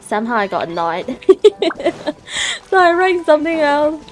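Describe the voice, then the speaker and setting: A woman's voice: high-pitched, very animated, a little slow, faint music behind. A young woman streaming a game, chatting casually in a playful, giggly way with squeals and silly sound effects.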